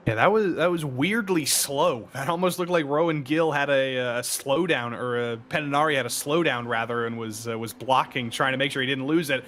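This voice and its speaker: A man giving relaxed color commentary on an esports race, chatting and joking between the action. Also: a little high, normal speed, few pauses, a little hiss or hum. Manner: relaxed, chatty analysis with jokes.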